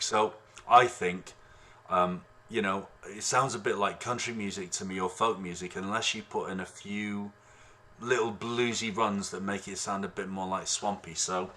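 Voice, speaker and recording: Male harmonica tutor on a video call, lowish bright voice, easygoing and digressive. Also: a little hiss or hum. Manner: relaxed, rambling explanations with many fillers. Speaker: harmonica teacher. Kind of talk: online music lesson. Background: harmonica playing.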